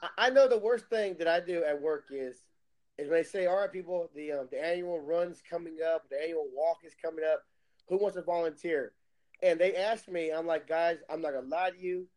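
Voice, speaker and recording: High-voiced blunt man. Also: a little fast, a little mellow, poor audio. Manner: blunt and profane, telling anecdotes. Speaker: podcast co-host. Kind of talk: casual chat.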